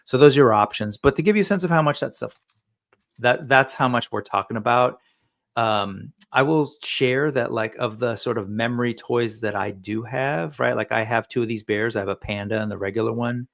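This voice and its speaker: A man's voice: medium pitch, normal speed, vocal fry, a bit bright. A man hosting a casual livestream chat, rambling and talkative with frequent fillers and self-corrections. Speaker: livestream host. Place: home studio.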